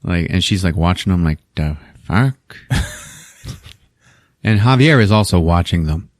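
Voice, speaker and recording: Lively profane podcast man recapping a movie. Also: low-pitched, normal speed, dry recording, studio quality. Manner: profane, laughing, acts out characters. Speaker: podcast host.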